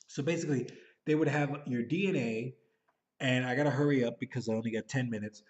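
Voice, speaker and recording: Thirties man, mid-pitched, rambling casual film review, hurried, dull lo-fi home recording. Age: 30s. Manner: rambling, hurried, thinking aloud. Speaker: movie reviewer. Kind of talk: casual spoken movie review.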